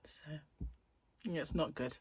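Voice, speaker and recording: A middle-aged woman with a husky voice, hosting a rambling, casual chat and telling anecdotes with frequent laughs. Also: low-pitched, a little slow, darkish tone. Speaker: host.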